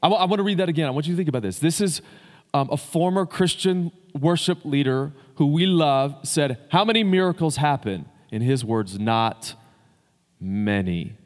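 A man's voice: fairly high pitch, expressive, moderate pace. A man preaching a sermon in a loose, conversational way, with fillers and restarts, addressing his congregation. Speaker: pastor. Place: church sanctuary. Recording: long hall reverb.

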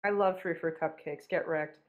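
A woman's voice: deep voice, fairly even intonation, moderate pace, narrow, tinny audio. A woman hosting a podcast, chatting casually in a playful, teasing way and swearing freely. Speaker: podcast host.

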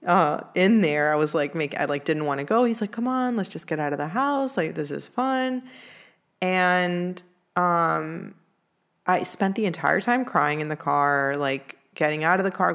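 Young woman, low voice, casual confessional storyteller, filler-heavy, earnest. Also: fairly bright tone. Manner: candid, heavy use of "like" fillers. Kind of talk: personal storytelling.

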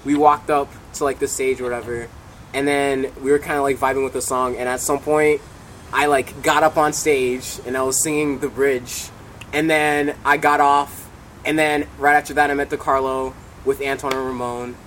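A man's voice: mid-range voice, flat delivery, normal speed, fairly bright tone, a little hiss or hum, poor audio. Laid-back teen boy telling a story. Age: teens. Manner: laid-back, laughs easily, quotes people. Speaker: band member guest. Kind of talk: casual interview storytelling.

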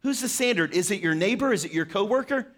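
A man's voice: high voice, expressive, fast talker. A man preaching a short sermon, earnestly asking questions and speaking directly to his listeners. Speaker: pastor.

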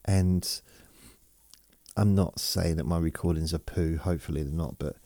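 A man's voice: low voice, fairly even intonation, moderate pace, warm tone, dry recording, clean studio sound. A man hosting a sleep podcast, rambling and self-mocking as he reads listener messages aloud. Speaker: podcast host.

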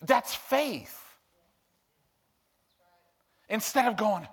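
A male preacher giving an emphatic, animated sermon that swings from hushed to loud. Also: sits high, measured pace.

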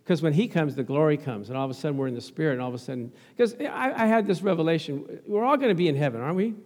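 Brief: a chuckling, expressive male preacher, high-pitched, sermon in a reverberant church. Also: very fast. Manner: laughing, animated, talks back to the congregation.

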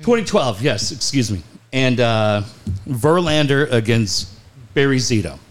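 A man's voice: mid-range voice, measured pace. A man hosting a sports talk show, telling a long, profane story with lots of laughter. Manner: animated storyteller, profane punchlines, laughs through quotes. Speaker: sports radio host. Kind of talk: casual storytelling chat.

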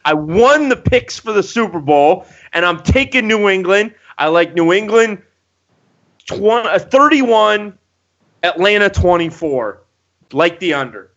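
Gloating lively-voiced man. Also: high voice, a little slow. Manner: gloating, sarcastic. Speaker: podcast co-host. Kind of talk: casual sports banter. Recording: dull lo-fi podcast audio.

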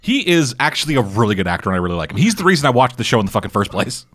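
A man's voice: mid-range voice, very animated, racing, a bit bright. A man casually recapping a TV show for a podcast, swearing often and rambling through asides. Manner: profane, rambling storyteller. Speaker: podcast co-host.

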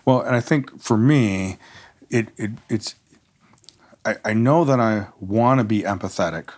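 A man's voice: fairly low pitch, unhurried. A man who is a guest on a talk podcast, speaking thoughtfully and often repeating words as he works through an idea. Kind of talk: casual conversation.

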